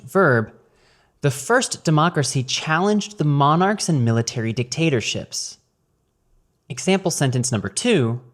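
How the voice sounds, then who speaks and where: A man reading a scripted vocabulary lesson, enunciating each word carefully in measured drills. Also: mid-range voice. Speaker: vocabulary teacher.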